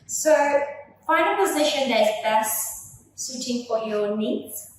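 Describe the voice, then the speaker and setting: A young woman leading a gentle Pilates workout with slow, soothing cues, filmed on a camera from across the room. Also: sits high, lively intonation, a little hiss or hum. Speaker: Pilates instructor. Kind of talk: guided workout instruction. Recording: echoey room, voice from a distance.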